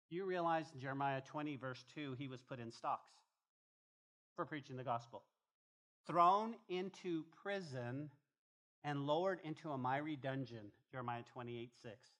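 A man preaching a sermon as pastor, emphatic and animated, often repeating phrases as he drives a point home. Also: mid-range voice, normal speed. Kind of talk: expository sermon.

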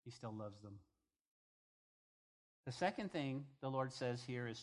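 A man's voice: mid-range voice, sing-song, measured pace, pauses often. Man, pastor, conversational sermon, scripture reading, casual paraphrase. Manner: conversational preaching, reads scripture aloud and paraphrases it.

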